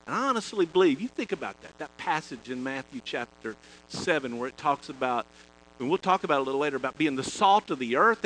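A man preaching a sermon, telling folksy personal stories, swinging between loud emphasis and quiet asides. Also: a little high, slight background noise, low-quality recording. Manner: chatty, folksy, repeats and restarts phrases.

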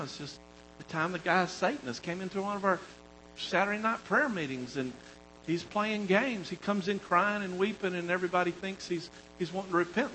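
High, bright man preaching. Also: slight background noise, low-quality recording. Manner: animated and conversational, swinging between loud emphasis and quiet storytelling. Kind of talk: sermon.

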